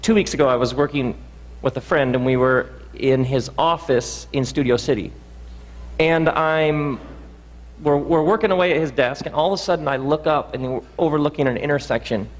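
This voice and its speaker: A man giving a reflective storytelling talk, earnest and halting, restarting his sentences often. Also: fairly high pitch, in a large hall, poor audio. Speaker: speaker.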